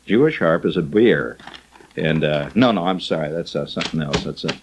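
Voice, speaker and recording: Low-voiced wry male radio host. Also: lively intonation, moderate pace, background noise. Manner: wry, teasing, rambling asides. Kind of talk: reading listener mail on air.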